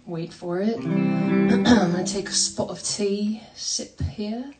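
A woman's voice: medium pitch, slow, over loud music. Chatty woman musician, slightly distant mic. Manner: chatty and self-deprecating, laughs often. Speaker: singer-songwriter streaming live from home. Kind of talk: casual livestream chat between songs. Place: home, by a fire.

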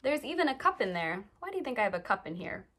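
A young woman teaching a music class for toddlers, speaking gently and playfully and asking the little ones lots of questions. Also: a little high, sing-song, quick pace. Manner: gentle, playful, talks straight to small children with many questions.

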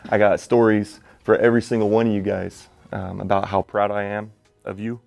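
A male teacher speaks to his students from the heart, his voice low and gravelly and kept to a narrow, even pitch. He sounds emotional and close to tears. Faint music plays behind him. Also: moderate pace. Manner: emotional, holding back tears.

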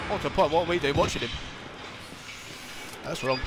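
A man's voice: on the high side, moderate pace, pauses often, background noise. A man commentating a horror game, swearing a lot, jumpy, and talking back to the characters on screen. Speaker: gamer.

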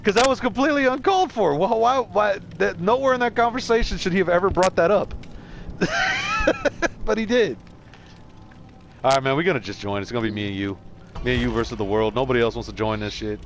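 A man's voice: high voice, sing-song, fairly quick, vocal fry, pauses often, slight background noise. A man from San Antonio, streaming a game and telling rambling, profane stories in casual chat. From San Antonio, Texas. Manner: rambling storyteller, swears a lot.

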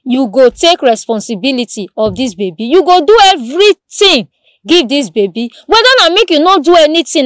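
A woman news presenter speaking with a Nigerian Pidgin accent, telling the day's stories in a lively, repetitive storytelling way with exclamations. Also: fairly high pitch, no echo, studio quality. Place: studio.

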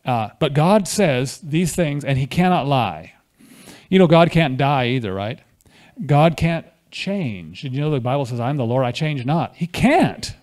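A man's voice: mid-range voice, lively intonation, unhurried, darkish tone. A man preaching a conversational sermon at a church fellowship, often asking the congregation questions.

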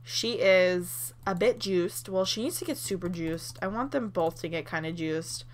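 A young woman hosting a Let's Play, reacting with excited laughs and swearing as she plays. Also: lowish voice, measured pace. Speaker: gaming channel host.

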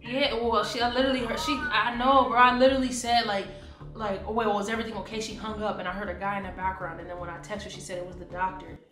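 A woman hosting a prank call, talking fast and agitated in slang-heavy casual speech. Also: medium pitch, little pitch movement, echoey room, music in the background. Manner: agitated, rapid slang-filled talk. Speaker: prank video host.

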